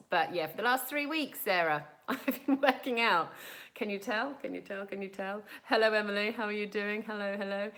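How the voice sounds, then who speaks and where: A South African woman in her thirties answers viewers' questions live in a casual chat, using lots of fillers and quick laughs. Her voice is fairly low with a fairly bright tone, and the recording quality is low.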